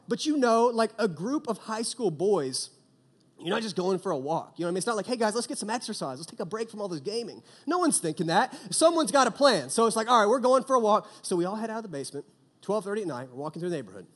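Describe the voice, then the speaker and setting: A young man preaching to a youth group, telling a comic story with acted-out quotes before turning to prayer. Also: high-pitched. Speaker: youth pastor.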